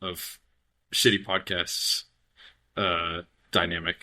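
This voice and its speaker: A man co-hosting a podcast talks in a loose, joking way that tumbles along with restarts. His voice sits a little low but has a bright, forceful edge. He keeps the chat playful. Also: little pitch movement, slow. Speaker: podcast co-host. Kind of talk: casual chat.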